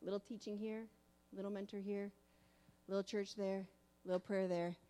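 A woman preacher giving a sermon in an animated storytelling manner. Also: medium pitch, normal speed.

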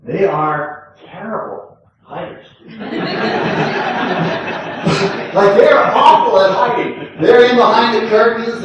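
An older man preaching a sermon in a relaxed, conversational way, often checking in with the congregation and chuckling. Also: high-pitched, slow, lo-fi sound, crowd noise. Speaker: pastor. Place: church sanctuary. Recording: echoey room, distant from the mic.

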